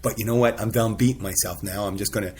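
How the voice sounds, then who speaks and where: A man's voice: lowish voice, fairly even intonation, fast talker, a little mellow, a little hiss or hum. Rambling, self-mocking male podcast host. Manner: rambling, self-deprecating, laughs often. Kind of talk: casual podcast conversation.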